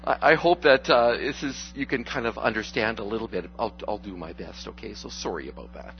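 A man preaching a conversational sermon as a pastor, relaxed and joking, with frequent fillers and restarts. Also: on the low side, brisk, gravelly, muffled recording, a little hiss or hum.

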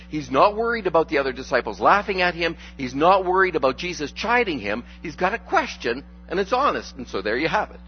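A man preaching a conversational sermon as a pastor, relaxed and joking, with frequent fillers and restarts. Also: a little high, lo-fi sound.

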